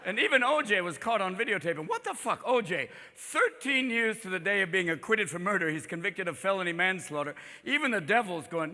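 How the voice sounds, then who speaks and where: A man in his fifties doing a stand-up comedy set in a live venue, manic and profane, jumping into quick impressions. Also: sits high, sing-song, sharp tone, big-room sound. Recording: live crowd noise behind.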